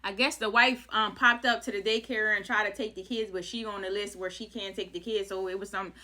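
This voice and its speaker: A woman's voice: medium pitch, steady tone, fairly quick, bright, forceful tone. A woman vlogger telling a dramatic story in a casual, chatty way with loose slang.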